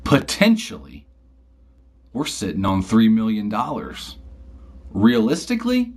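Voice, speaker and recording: A man voicing a middle-aged father who lectures his son deliberately. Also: fairly low pitch, huge pitch swings, a little mellow, slightly rough, pitched below the performer's own voice, full character voice. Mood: lecturing. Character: middle-aged father, wise-cracking dad.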